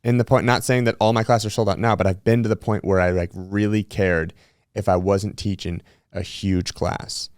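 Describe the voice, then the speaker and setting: With a fairly low voice at a moderate pace, this podcast host talks candidly and swears freely while animatedly telling stories in a casual conversation. The recording is clean studio sound with no echo.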